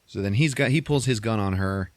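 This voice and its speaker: A man's voice: a little fast, no echo. A man hosting a podcast, animatedly retelling a movie plot with lots of swearing. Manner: animated storytelling, swearing, acting out characters in squeaky voices. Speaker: podcast host recapping a movie. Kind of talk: casual chat.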